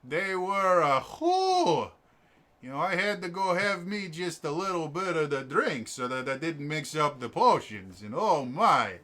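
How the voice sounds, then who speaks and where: A man's voice: on the high side, big pitch swings, measured pace, sharp tone, heavily acted. A man voicing a chatty, tipsy male potion maker with a rambling folksy drawl.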